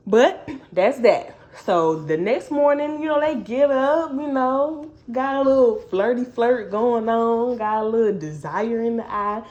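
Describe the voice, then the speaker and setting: Animated woman recapping a book. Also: a little high, a little slow, muffled recording. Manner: animated, chatty storytelling with slang. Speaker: book reviewer.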